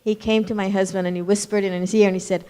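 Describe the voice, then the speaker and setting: A woman in the audience speaks up to share a short family story. Her delivery is quick and eager, in a mid-range voice. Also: mid-range voice, level tone, mellow, clear, resonant tone. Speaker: audience member. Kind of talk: casual anecdote.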